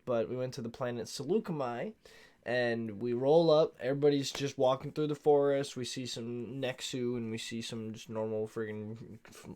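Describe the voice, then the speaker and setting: A man's voice: mid-range voice, fairly even intonation, normal speed, hardly any pauses, a little mellow. A tired man talks his way through a show recap late at night and yawns along the way. His delivery is loose and rambling, full of slang, and it keeps drifting off topic before he pulls it back. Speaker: show reviewer. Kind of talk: casual recap chat.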